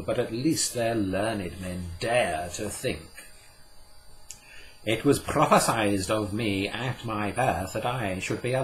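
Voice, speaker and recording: A man's voice: fairly low pitch, fairly bright tone, slight background noise. A man putting on a proud, scornful medieval scholar. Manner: declaiming, ringing, triumphant.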